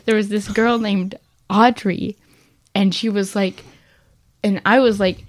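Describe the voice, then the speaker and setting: A woman's voice: mid-range voice, fairly even intonation, measured pace, no echo. Chatty woman telling stories with laughs. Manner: chatty storyteller, laughs often, acts out quotes. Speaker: podcast co-host. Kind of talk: casual chat.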